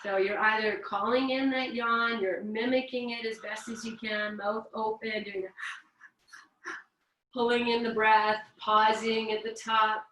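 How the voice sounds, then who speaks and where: A woman guiding a yoga breathing practice in a gentle, chatty, playful way, sighing now and then and correcting herself. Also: fairly high pitch, little pitch movement, unhurried, a little hiss or hum. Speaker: yoga teacher. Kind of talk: guided yoga instruction. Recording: echoey room, voice from a distance.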